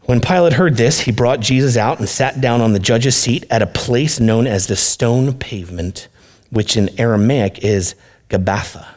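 Male pastor, sermon, mid-pitched voice, earnest, conversational. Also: moderate pace, a little mellow. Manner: conversational, earnest, direct address.

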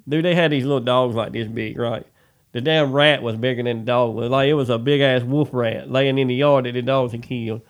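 A man, telling a rambling work story in casual chat, animated and swearing freely. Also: mid-range voice, fast talker. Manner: animated, swears freely, says "dude" a lot.

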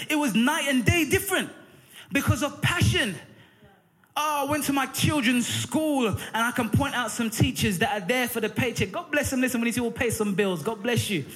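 High, bright-voiced male preacher. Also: fairly quick, faint music behind. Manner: fervent preaching, calls for amen; frequent "uh" fillers between phrases. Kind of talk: sermon. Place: church.

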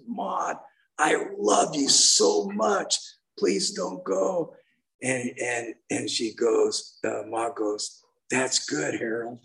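Gravelly older man, heartfelt and rambling. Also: mid-range voice, fairly bright tone, poor audio. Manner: heartfelt, rambling, with many restarts. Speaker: main speaker at a recovery meeting. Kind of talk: personal recovery share.

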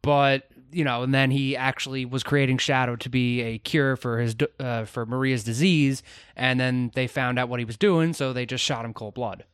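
A man's voice: mid-range voice, steady tone, normal speed, fairly bright tone, clean tone, dry recording, studio quality. A man co-hosting a casual podcast chat, explaining game lore with lots of "actually" and "I'm just saying". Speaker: podcast co-host.

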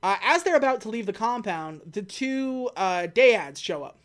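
A woman co-hosting a casual chat, retelling a film's plot and dropping into quick mock voices for the characters. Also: mid-range voice, lively intonation. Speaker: podcast co-host recapping a film.

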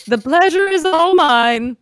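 A woman doing a bossy old matron who scolds and gives orders in a tabletop role-play. The voice sits fairly high and comes out slow. The sound is dry and close. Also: expressive, no room sound. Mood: scolding. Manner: brisk and scolding. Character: stern old woman hotel owner, bossy.

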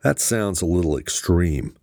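A man voicing a gruff older male official on the phone in an audiobook, cursing and demanding. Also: sits low, lively intonation, measured pace, darkish tone, dry recording, clean studio sound, exaggerated voice.

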